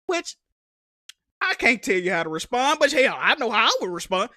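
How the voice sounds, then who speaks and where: The young man's voice is extremely high and his pace moderate as he rants on stream about a console event, cursing, animated and exasperated. The recording is dry and studio quality.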